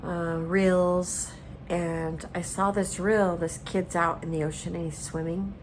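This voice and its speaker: Home cook, woman, earnest storyteller, slow and low-pitched, noisy kitchen. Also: flat delivery. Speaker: cooking vlogger. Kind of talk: casual chat while cooking.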